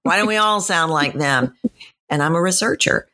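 A woman's voice: on the low side, normal speed. A woman in her fifties with a Texan accent, a voice coach answering interview questions and telling stories with acted-out quotes. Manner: animated storyteller, acts out quoted voices. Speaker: voice and dialect coach.

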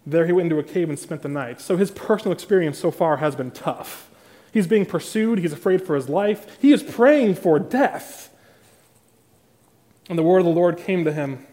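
High-voiced preacher delivering a sermon. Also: male voice, animated, normal speed, mellow. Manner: emphatic, building intensity. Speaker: pastor. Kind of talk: sermon with scripture reading.

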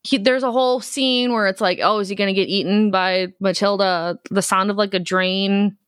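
Her voice is mid-range and resonant, clear at a normal speed, with studio quality and no echo. She's a podcast co-host giving an animated movie recap in casual conversation, performing the characters' lines and cursing without restraint.

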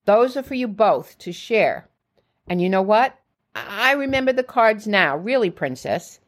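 A woman's voice: mid-range voice, very animated, measured pace. A woman reading as a jovial coaxing father. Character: doting, breezy father visiting his daughters.

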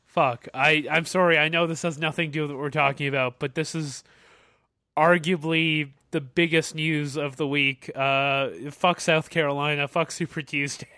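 An excitable man co-hosting a podcast chat, swearing freely. His voice is bright and sharp, sitting a little high for a man. The recording is dry and close, with no room sound. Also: no room sound. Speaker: podcast co-host. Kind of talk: casual chat.

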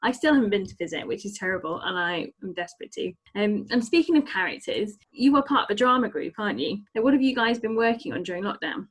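A woman host asks her guest questions in a friendly, enthusiastic way. Her voice sits at an ordinary middle pitch. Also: lively intonation, fast talker, hardly any pauses, breathy edge. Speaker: interviewer host. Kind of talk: casual interview.

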